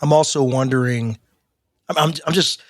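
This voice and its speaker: A man's voice: mid-range voice, moderate pace, no room sound. Chatty man, dry close mic. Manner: chatty, stammering restarts, animated when making a point. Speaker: podcast co-host. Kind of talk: casual chat.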